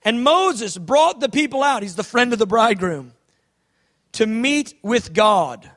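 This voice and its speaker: A man delivering a sermon in a high voice. He is dramatic, rising to shouts and then dropping to a hush. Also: animated, a little slow. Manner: dramatic, swings from shouting to hushed. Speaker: preacher.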